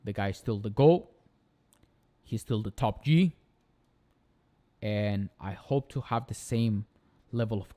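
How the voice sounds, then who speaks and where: A man's voice: fairly low pitch, darkish tone. A young man with a Spanish accent hosts a casual live stream. He talks in an earnest, motivational way and stacks repeated phrases for emphasis. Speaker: channel host.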